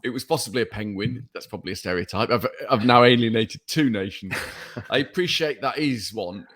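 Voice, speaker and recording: A man's voice: medium pitch, a little fast, fairly bright tone. A man with a Staffordshire English accent, co-hosting a podcast with dry, self-mocking humor. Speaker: podcast co-host. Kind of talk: casual banter.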